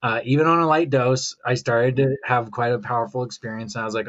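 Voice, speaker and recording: A man's voice: mid-range voice, steady tone, fast talker, few pauses, fairly bright tone. Male podcast guest, rambling reflective storyteller, slightly muffled sound. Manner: reflective, rambling, quotes his own thoughts. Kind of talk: casual conversational storytelling.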